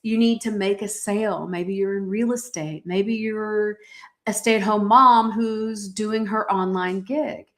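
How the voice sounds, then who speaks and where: A woman hosts a motivational podcast in a mid-pitched voice, reading aloud from her own journal. She talks in emphatic, preacher-like bursts and leans on encouraging fillers between points. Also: fairly even intonation, a little slow, a bit bright. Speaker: podcast host.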